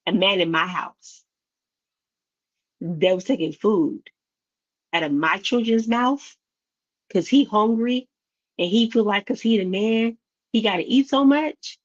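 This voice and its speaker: A woman giving a blunt, exasperated casual commentary rant about videos. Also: mid-range voice. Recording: slightly dull lo-fi audio.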